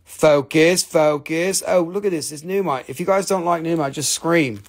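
A man's voice: a little high, fairly quick, vocal fry, husky. A man hosting a casual live stream selling rocks and minerals, rambling and joking with plenty of swearing. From Appalachian Valley, USA. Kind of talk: casual live sales chat.

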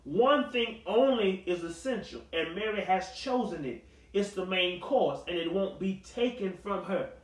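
A male pastor preaching a Bible study. He talks conversationally, acts out the people in the story with sass and humor, and rises to shouting. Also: high-pitched, lively intonation, measured pace, reverberant, recorded from a distance, rough recording.

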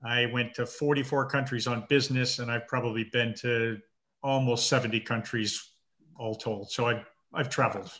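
A man in his fifties, a marathon swimmer interviewed over a video call, talking with halting restarts and dry understated humor. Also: mid-range voice, fairly even intonation, a bit bright. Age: 50s. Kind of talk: casual interview chat.

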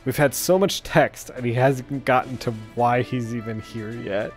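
A man's voice: medium pitch, unhurried, hardly any pauses, faint music behind. A man streaming a story game, tossing off joking, casual asides between the dialogue.

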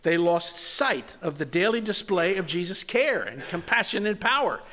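A man with a rather high voice preaches a sermon as pastor. He swings between forceful emphasis and soft, almost whispered words. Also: sing-song, moderate pace. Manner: dramatic shifts from loud to hushed, near-whispered words.

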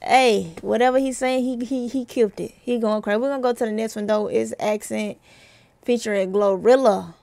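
Raspy young woman hyping a track. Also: on the high side, steady tone, moderate pace, a little mellow, no echo. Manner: hyped, laughing, talks back to the track. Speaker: music reaction vlogger. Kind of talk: casual reaction commentary.

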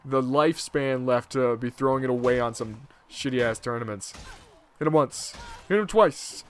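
A young man giving casual, excitable commentary over his own gameplay, with loud high outbursts when things go wrong. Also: moderate pace. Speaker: gaming video host.

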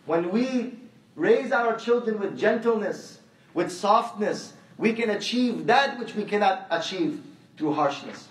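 An animated man with a high voice preaches at a measured pace, weaving stories into a conversational sermon and repeating his phrases to land his points. The recording comes from a distant microphone in an echoey hall.

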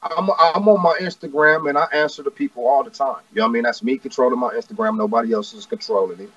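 A man's voice: a little high, animated, quick pace, creaky, a bit bright, dry recording. A man in his forties from Southern California, a rapper talking as a guest in a casual, laid-back, slangy way, often repeating "you know what I mean.". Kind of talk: casual interview chat. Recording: distant, dull, dry lo-fi audio.

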